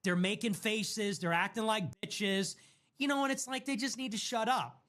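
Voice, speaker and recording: High-voiced man ranting sarcastically. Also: fairly even intonation, normal speed, fairly bright tone. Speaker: streamer. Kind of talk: casual stream commentary.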